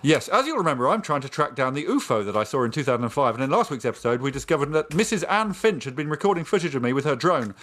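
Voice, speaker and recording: A man's voice: a little high, sing-song, fairly bright tone, soft background music. A man hosting a podcast from home in a playful, theatrical way, speaking into a handheld microphone. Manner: playful, theatrical, quick to laugh. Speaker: podcast host. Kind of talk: casual comedic chat. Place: home, recorded remotely.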